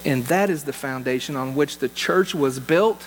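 A man's voice: medium pitch, normal speed. A man, a pastor, preaching a sermon in an earnest way, repeating key phrases for emphasis. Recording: long hall reverb with faint mains hum.

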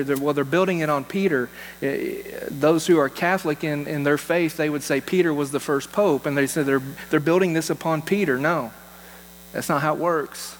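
A man, a pastor, preaching a sermon in an earnest way, repeating key phrases for emphasis. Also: fairly high pitch. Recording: long hall reverb with faint mains hum.

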